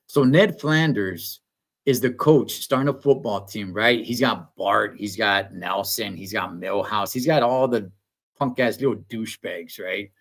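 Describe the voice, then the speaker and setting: A man's voice: fairly low pitch, unhurried. A man, rambling through a profane, slangy story in a casual livestream rant. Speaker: streamer.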